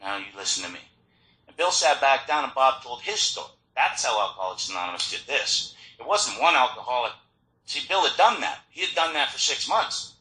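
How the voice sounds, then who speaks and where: A man's voice: mid-range voice, fairly quick. Man sharing his story at a meeting. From Florida. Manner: storytelling, animated, frequent restarts. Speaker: recovery meeting speaker. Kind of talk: personal recovery talk. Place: meeting hall. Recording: echoey meeting hall.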